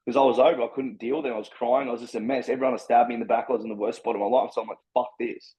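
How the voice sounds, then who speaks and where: Poor audio captures a Brisbane man with an Australian accent telling his life story as a podcast guest, rambling, candid and heavily profane. His medium-pitched voice is steady and mellow, and he talks rapid-fire.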